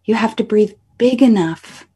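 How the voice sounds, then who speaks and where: A woman guest expert leading listeners through a calm breathing exercise, soft and instructive. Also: a little high, normal speed, husky.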